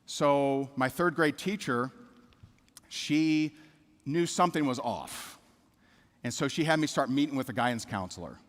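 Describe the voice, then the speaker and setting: A man's voice: mid-range voice, a little slow, pauses often, fairly bright tone. A middle-aged man giving a motivational speech, telling a personal story with candid repetition and asking the audience questions. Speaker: keynote speaker. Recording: reverberant hall.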